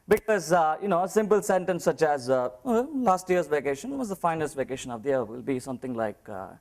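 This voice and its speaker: A man's voice: fairly high pitch, expressive, a little fast, darkish tone. Indian English man, contest comedian, storytelling with accent impressions, slightly raised voice. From Chennai, India. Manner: comic storytelling with mimicry of accents. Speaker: speech contestant. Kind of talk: humorous contest speech.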